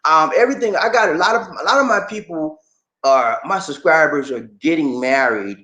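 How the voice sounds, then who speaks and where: A man hosting a casual livestream, reading viewer comments aloud and reacting to them in a lively, talkative way. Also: on the high side, normal speed. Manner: animated, shouts catchphrases, reads comments aloud and reacts.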